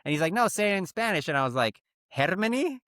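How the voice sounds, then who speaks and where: A man co-hosting a comedy podcast, telling stories with lively acted-out quotes. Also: a little high, rapid-fire, no room sound, clean studio sound. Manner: animated storyteller, acts out quoted people. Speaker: podcast co-host. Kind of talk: casual comedy podcast chat.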